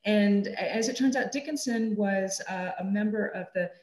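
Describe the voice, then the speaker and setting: A woman's voice: medium pitch, moderate pace, a little mellow, reverberant, rough recording. A woman moderating a seminar discussion over a video call, talking hesitantly with many ums.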